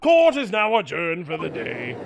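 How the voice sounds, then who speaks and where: A man's voice: high voice, huge pitch swings, normal speed, vocal fry, highs cut off, noisy background, voice pushed down, exaggerated voice. A man voicing a stern, fussy elderly male judge in a video game, speaking formally.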